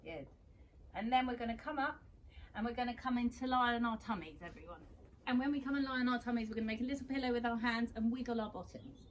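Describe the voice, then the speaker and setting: A young woman, gently guiding children through a yoga class with steady encouragement. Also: a little high, fast, slight background noise. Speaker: kids yoga teacher.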